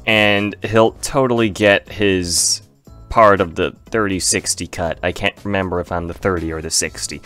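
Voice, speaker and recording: Lower-pitched man pitching playful game deals. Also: fairly bright tone. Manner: playful salesman-style pitching with frequent fillers. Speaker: game video host. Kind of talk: casual gameplay commentary.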